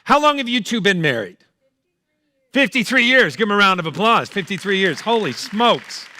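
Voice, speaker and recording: A middle-aged man doing loud, teasing stand-up and crowd work on stage at a fundraiser. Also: high voice, very animated, fairly quick, slight background noise. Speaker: comedian performing at a fundraiser. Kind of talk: stand-up comedy with audience banter. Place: event hall, live on stage.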